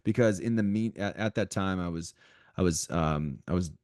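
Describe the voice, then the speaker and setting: Casting: male podcast co-host, very low voice, dry close sound, animated motivational chat. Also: normal speed, no echo. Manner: animated, repeats himself, talks straight to listeners.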